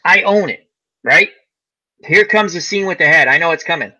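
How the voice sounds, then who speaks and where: A man's voice: fairly high pitch, moderate pace. A man hosting a casual chat, telling stories animatedly and acting out the quotes. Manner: animated storyteller, acts out quotes. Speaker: host.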